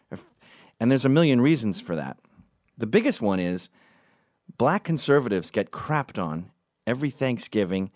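A man's voice: medium pitch, moderate pace, long pauses, no echo, clean studio sound. A man telling stories in a casual monologue, rambling, swearing and going off on tangents while acting out the people he quotes. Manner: rambling, profane, goes off on tangents; lively, acts out quoted voices.

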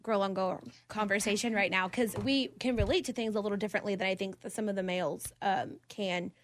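A woman's voice: mid-range voice, steady tone, brisk, no echo. Blunt twenty-something woman hosting, laughs a lot, tone in the middle. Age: 20s. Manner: blunt, opinionated, laughs often. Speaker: podcast host. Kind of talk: casual debate chat.

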